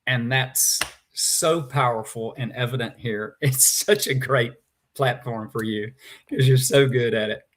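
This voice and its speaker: A man's voice: mid-range voice, measured pace, fairly bright tone. A man, a guest in a conversation, telling a personal story with feeling and animation.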